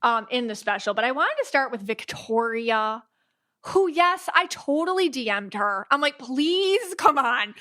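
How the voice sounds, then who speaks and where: A woman hosts a podcast in casual, chatty conversation. Her voice is bright and sits a little high. She talks animatedly and slips into quick impressions of what others say. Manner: chatty and animated, with many restarts and quoted asides. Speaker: podcast host. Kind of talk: casual chat.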